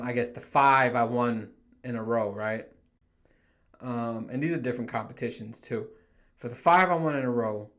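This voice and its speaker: A young man talks on his solo podcast in a loose, rambling way. He swears freely, laughs at his own stories and slips into mock voices when he quotes coworkers. His voice sits at an ordinary pitch for a man. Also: fairly bright tone. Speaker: podcast host. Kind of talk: casual solo podcast monologue.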